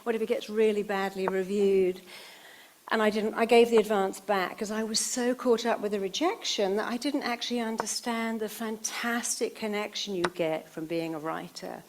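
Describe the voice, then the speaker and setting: A woman speaks to a live audience, moving between advice and little stories. She acts out the people she quotes, and her pitch sits in an ordinary middle range. A steady background noise runs under the recording. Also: moderate pace. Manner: animated storyteller, puts on quoted voices. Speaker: speaker giving a talk on stage. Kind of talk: motivational stage talk with acted-out anecdotes. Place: stage before a live audience.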